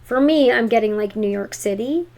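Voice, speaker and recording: A woman's voice: fairly high pitch, moderate pace, gravelly, dark tone. A woman giving a tarot reading to viewers in an emphatic, encouraging way. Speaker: tarot reader.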